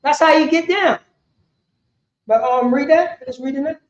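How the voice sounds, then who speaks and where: A man's voice: extremely high pitch, moderate pace, slight background noise. A man giving rambling scripture teaching, constantly asking "you know what I'm saying". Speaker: religious teacher. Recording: echoey room, dull lo-fi sound.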